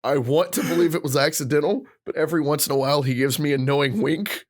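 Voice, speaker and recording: A man in his thirties, his voice on the high side and his pace quick, co-hosts a podcast. His casual rant becomes a long, animated story full of acted-out quotes.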